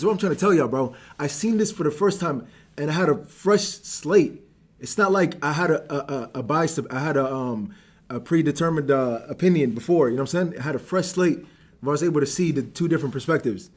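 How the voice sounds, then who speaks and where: A man's voice: fairly high pitch, expressive, brisk, husky. A young man from Algeria ranting on a live stream, heated and swearing, calling everyone "bro". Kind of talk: casual stream rant.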